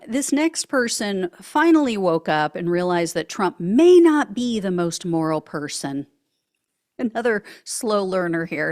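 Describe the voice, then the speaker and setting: A woman hosting a political commentary show, reading social media posts aloud with sarcastic remarks and frequent laughs. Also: mid-range voice.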